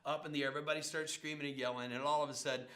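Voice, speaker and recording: Middle-aged man, pastor, lively storyteller, bright forceful voice. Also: fairly high pitch, racing. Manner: animated storyteller, acts out quotes and sounds. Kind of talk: sermon storytelling.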